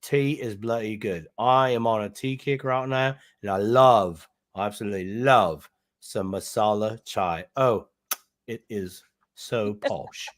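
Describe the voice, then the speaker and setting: A man co-hosts a casual livestream, rambling and joking as he thinks aloud while browsing a website. His voice is fairly low and unhurried.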